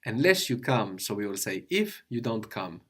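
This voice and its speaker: A man's voice: fairly low pitch, sing-song, moderate pace, breathy edge. A man teaching a language lesson, patiently explaining step by step and asking his student questions.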